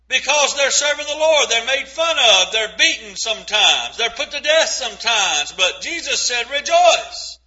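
Male preacher, very high bright voice, emphatic sermon delivery, dull lo-fi recording. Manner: earnest, emphatic preaching with slow stressed phrases and scripture readings.

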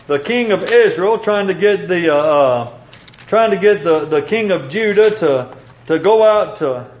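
High-voiced preacher in an echoey room. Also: male voice. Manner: earnest, pausing with fillers, quoting scripture. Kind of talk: sermon. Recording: echoey, dull room sound.

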